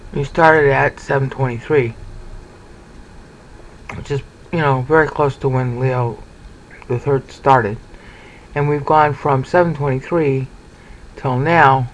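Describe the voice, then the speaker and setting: A man teaching a lecture on scripture, animated, often repeating words and checking in with rhetorical questions. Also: medium pitch, a little hiss or hum, low-quality recording. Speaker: Bible teacher.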